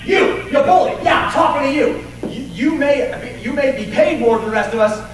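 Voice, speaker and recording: A man voicing a confident, defiant woman reporter who shouts and scolds, heard in an echoey hall from far off. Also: extremely high pitch, lively intonation, moderate pace, voice pushed up. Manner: loud, scolding, challenging. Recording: echoey hall, distant mic, hum.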